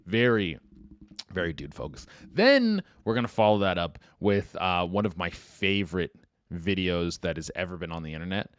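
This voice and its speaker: A man hosting a podcast in casual, rambling talk, full of swearing and fillers, getting animated when excited. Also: low-pitched, moderate pace, no room sound. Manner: rambling, profane, lots of "like" and "dude". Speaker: podcast host.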